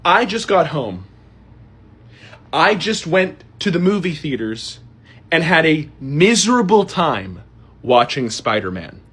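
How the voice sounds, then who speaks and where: A man's voice: on the high side, sing-song, takes it slowly, a bit bright, husky. A man doing a comedic, exasperated rant to camera, with theatrical outbursts. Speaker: social media creator.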